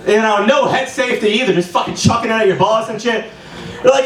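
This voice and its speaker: The recording picks up roomy sound from across a small comedy club, where a young man in his twenties is doing open-mic stand-up. His voice sits high and is a bit bright, and he talks quickly through a rambling, profane, loose set.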